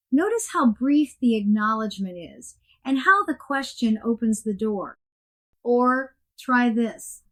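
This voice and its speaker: A woman giving a scripted coaching lesson in a clear, measured and emphatic way. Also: a little high. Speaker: coaching instructor. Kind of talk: scripted instructional narration.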